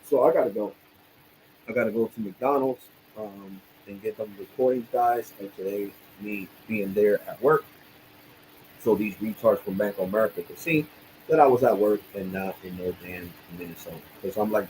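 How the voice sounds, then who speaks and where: A man's voice: lowish voice, moderate pace, darkish tone, slight background noise, rough recording. A young man live-streaming, venting angrily with lots of cursing and repetition. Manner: angry, profane, repetitive venting. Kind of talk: casual live-stream rant.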